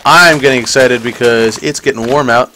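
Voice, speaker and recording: A man's voice: medium pitch, normal speed, pushed and bright, a little hiss or hum. A man casually commenting as he plays a video game, chatty and playful, talking to the creatures on screen. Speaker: gaming channel host. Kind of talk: casual let's-play commentary.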